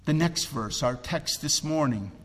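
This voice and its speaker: A man preaching a sermon as pastor, swinging between loud emphatic cries and hushed, low, drawn-out phrases. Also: animated, in a large hall.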